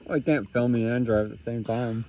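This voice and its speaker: A man's voice: mid-range voice, fairly even intonation, a little fast, a little mellow. Young guy joking around on a boat, faint crickets n outdoor noise behind him. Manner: joking, upbeat, teasing. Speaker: vlogger. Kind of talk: casual outdoor vlog chat.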